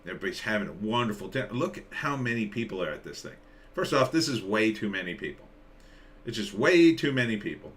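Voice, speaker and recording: A man's voice: on the low side, very animated, quick pace. A man hosting a live stream, giving casual, sarcastic commentary and reading out viewer comments. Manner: sarcastic, rambling, reads out chat comments.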